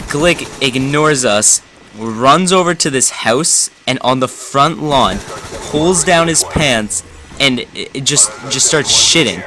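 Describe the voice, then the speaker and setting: Young guy telling a funny story over gameplay, bright voice, keeps correcting himself. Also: mid-range voice, a little slow, a little hiss or hum. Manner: rambling, amused, self-correcting. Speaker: gameplay commentator.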